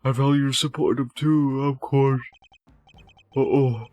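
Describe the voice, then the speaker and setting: A man's voice: mid-range voice, fairly even intonation, unhurried, pauses often, a little mellow, faint music behind. A man reading game dialogue aloud alongside a streamer, laughing as he goes.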